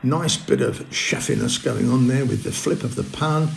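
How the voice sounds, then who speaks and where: A man's voice: medium pitch, normal speed, vocal fry, a little hiss or hum. A man hosting a cooking video, talking viewers through each step in a chatty, upbeat way. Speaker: cooking channel host. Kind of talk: casual cooking demonstration.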